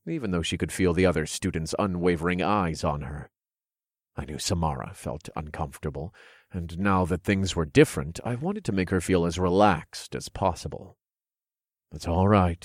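A man with a very low voice reads a first-person fantasy novel in a steady, measured way. The mic is close and the recording is dry, with no room sound. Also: dry recording. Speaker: audiobook narrator.

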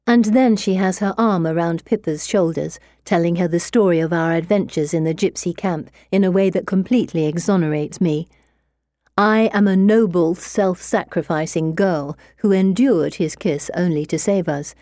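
Mellow-voiced woman narrating a novel. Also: on the low side, no room sound, clean studio sound. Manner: measured, expressive storytelling. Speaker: audiobook narrator. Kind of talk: first-person novel narration.

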